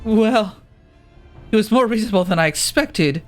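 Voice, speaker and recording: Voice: medium pitch, animated, normal speed, long pauses, faint music behind. A let's play host chatting casually while playing a game. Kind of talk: casual gameplay commentary.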